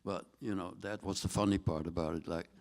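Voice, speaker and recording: Low-voiced man explaining on a panel. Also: fairly even intonation, brisk, creaky, a little mellow. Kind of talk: convention panel reminiscing.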